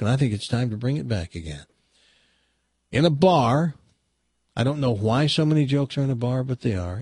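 A man hosting a radio talk show, chatting and telling a joke as an animated storyteller with indignant asides. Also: medium pitch, husky, no echo, clean studio sound. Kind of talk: casual chat and joke telling. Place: radio studio.

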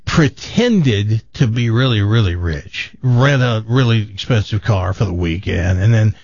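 A man's voice: fairly low pitch, animated, a little mellow, no echo, dull audio. Blunt joking male radio host. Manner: blunt, joking, quick to dismiss. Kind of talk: casual banter on a radio show.

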